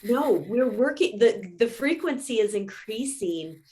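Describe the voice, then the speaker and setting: A woman who is a guest in a casual spiritual conversation, speaking earnestly and haltingly, often repeating her words. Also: a little high, lively intonation, mellow.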